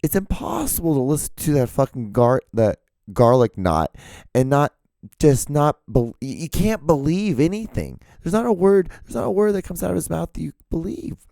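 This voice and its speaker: A man hosting his own podcast in a loose, joking ramble, hoarse and gravelly as if he has lost his voice. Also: on the high side, lively intonation, normal speed, warm tone, no room sound, clean studio sound. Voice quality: gravelly, smoker-like. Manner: loose, joking, swears freely. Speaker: podcast host.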